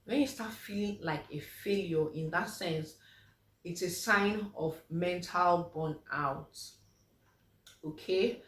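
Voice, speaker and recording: The physiotherapist speaks slowly in a low-leaning voice, heard from a distant, off-mic position in an echoey room. Giving mothers an informal health talk, she stays chatty with lots of fillers and dramatizes the replies she quotes.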